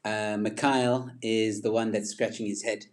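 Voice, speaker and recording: Rambling man, lowish voice. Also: level tone, measured pace. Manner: rambling, chatty, laughs often at himself. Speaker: livestream host. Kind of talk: casual livestream chat.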